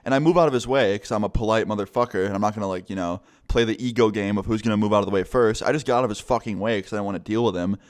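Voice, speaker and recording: A man's voice: fairly low pitch, rapid-fire, few pauses. A young man telling a story in a casual, rambling way, swearing a lot. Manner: profane, rambling, full of fillers. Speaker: vlogger.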